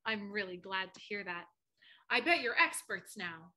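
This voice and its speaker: A woman's voice: medium pitch, lively intonation, normal speed, bright, forceful tone. A woman teaching a children's theater class, cheerful and encouraging as she talks to the kids. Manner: cheerful and encouraging, laughing easily.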